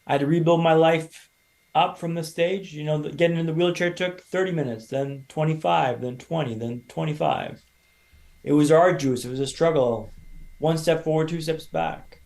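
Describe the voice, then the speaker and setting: A man in his thirties from Canada, a podcast guest telling his own story in a lively, casual way and acting out other people's lines. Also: fairly high pitch, brisk. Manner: animated storyteller, acts out quoted voices.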